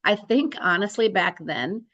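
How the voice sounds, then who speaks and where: A woman's voice: medium pitch, lively intonation, measured pace, a bit bright, lo-fi sound. A woman in her sixties, a real estate broker, telling her story in an interview and acting out quoted dialogue.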